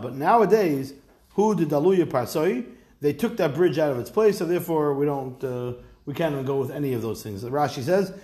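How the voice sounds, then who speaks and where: A man teaching a relaxed Talmud class as a rabbi, reading Aramaic phrases and then explaining them in casual, wry asides. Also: fairly high pitch.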